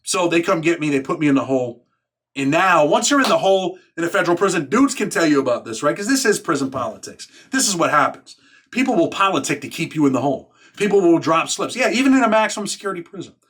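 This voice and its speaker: Brief: New man, blunt and streetwise, slightly high-pitched storyteller. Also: very animated, quick pace, a bit bright. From New York. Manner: blunt, profane, street talk. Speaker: YouTuber recounting prison life. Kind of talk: casual storytelling monologue.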